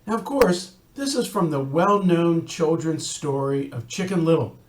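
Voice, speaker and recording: A rabbi giving an earnest recorded talk, telling a story and adding wry asides. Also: male voice, fairly high pitch, lively intonation, a little slow, roomy sound.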